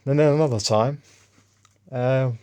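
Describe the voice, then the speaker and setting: Un hombre con acento inglés que cuenta historias en un vlog, de forma dispersa y con tono de agravio. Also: male voice, medium pitch, a little slow, darkish tone, clear, resonant tone. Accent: English. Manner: rambling, aggrieved, restarts often. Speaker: vlogger. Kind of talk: casual spoken monologue, storytelling.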